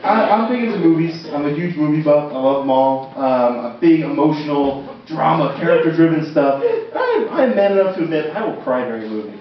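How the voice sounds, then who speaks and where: Over heavy background noise and audience laughter, a young comic on a university stage talks briskly in a rather high voice with big pitch swings. His set is conversational and self-deprecating, full of ums, and the sound is roomy, distant and dull.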